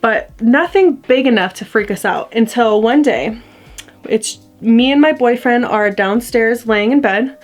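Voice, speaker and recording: A young adult woman telling a ghost story to her camera in a casual, rambling way, full of fillers. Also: on the high side. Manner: chatty, rambling, heavy use of "like". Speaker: vlogger. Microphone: camera mic.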